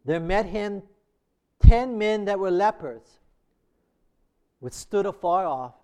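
A man's voice: sits high, lively intonation, takes it slowly, mellow. A man preaching a sermon as a pastor, emphatic and asking the congregation rhetorical questions.

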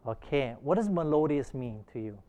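A man's voice: medium pitch, animated, moderate pace, dark tone, dull audio. A man leading an interactive Bible class, asking the group many short questions. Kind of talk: interactive church class discussion.

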